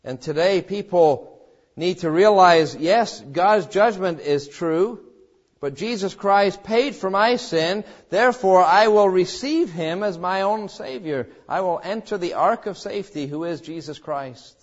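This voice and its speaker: A man preaching a sermon in an emphatic way, swinging between loud exhortations and quiet, low passages. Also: measured pace, dull audio. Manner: emphatic preaching with wide swings in pitch and loudness.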